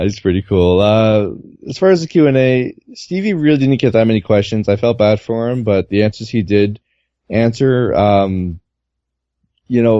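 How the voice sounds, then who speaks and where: A man recounting his experience as a reporter in a casual podcast chat, relaxed and rambling with lots of fillers. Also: on the low side, no room sound. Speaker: guest reporter. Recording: muffled, dull lo-fi audio.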